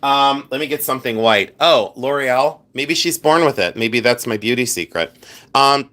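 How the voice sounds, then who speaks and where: A man's voice: mid-range voice, moderate pace. Chatty man hosting a live jewelry sale. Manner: chatty, animated, many fillers and asides to chat; clears throat often. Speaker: livestream host selling flea market finds. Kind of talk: casual live-stream chat showing jewelry.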